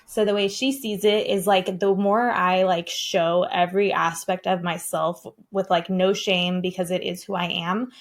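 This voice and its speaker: A woman's voice: lowish voice, fairly even intonation, moderate pace, few pauses. A woman around thirty, a breathwork coach on a podcast, talking in a chatty way with lots of 'like' and casual swearing.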